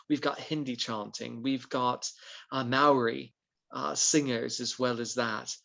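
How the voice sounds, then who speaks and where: A man's voice: mid-range voice, creaky. A man, a guest on an interview show, telling a long anecdote and acting out what he said at the time. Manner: lively storyteller who acts out his own past remarks. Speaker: guest, founder of a monarchist society.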